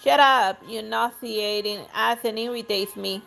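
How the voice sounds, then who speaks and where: A grand, scornful noblewoman barks insults at everyone around her, read aloud by a woman. Her voice sits a little high, and soft music plays faintly underneath. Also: a little slow, gravelly. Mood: outraged. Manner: imperious, insulting, theatrical reading. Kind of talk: reading game dialogue aloud.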